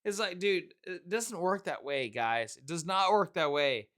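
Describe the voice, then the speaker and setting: A man co-hosting a movie chat, animated and mocking, swearing and acting out lines. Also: high voice, unhurried, a crowd in the background. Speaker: movie podcast co-host. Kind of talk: casual chat.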